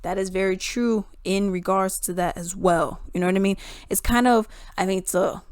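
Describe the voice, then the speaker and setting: Blunt, animated woman commenting. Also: mid-range voice, moderate pace, smooth, no echo. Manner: blunt, animated, acts out quotes in voices. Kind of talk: casual commentary.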